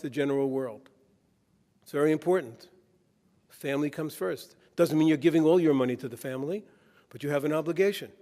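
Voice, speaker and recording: A man's voice: on the high side, a little mellow. Man giving a keynote in a reverberant hall. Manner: anecdotal, tells jokes with a preacher's cadence. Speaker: keynote speaker. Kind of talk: conference keynote speech. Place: conference hall. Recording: long reverb in a conference hall.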